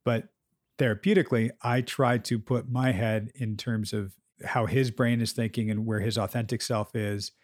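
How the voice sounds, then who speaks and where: A man co-hosting a podcast as a therapist, talking candidly in a relaxed chat and acting out quotes from clients. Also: mid-range voice, normal speed, dry recording, clean studio sound. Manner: candid, swears freely, acts out client quotes.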